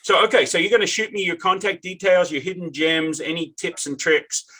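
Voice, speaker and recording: A man's voice: high voice, steady tone, brisk, bright, forceful tone. An Australian man hosting a casual interview, chatty and jokey, wandering into tangents. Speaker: podcast host.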